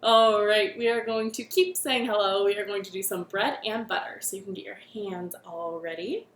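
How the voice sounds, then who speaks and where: A woman hosting a children's storytime from her living room, speaking gently and encouragingly and singing with a ukulele. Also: medium pitch, moderate pace, reverberant, background noise.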